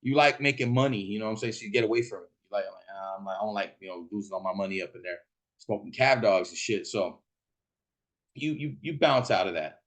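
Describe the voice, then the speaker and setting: A man casually telling a rowdy, profane story, laughing as he goes and acting out the people in it. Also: quick pace. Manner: profane, laughing, acts out quotes in a shouting high voice. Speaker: podcast host.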